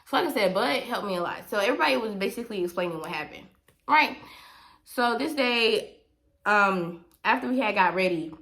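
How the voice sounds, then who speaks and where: A woman's voice: medium pitch, lively intonation, brisk, bright, forceful tone. Woman telling a storytime vlog. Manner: emphatic, repetitive, talks straight to viewers. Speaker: vlogger.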